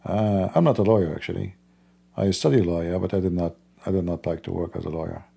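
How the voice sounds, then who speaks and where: A man speaking slow, simple English with non-native grammar, laughing and teasing as he talks. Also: low voice, creaky, warm tone, slightly rough. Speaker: livestream host. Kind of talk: casual mocking commentary.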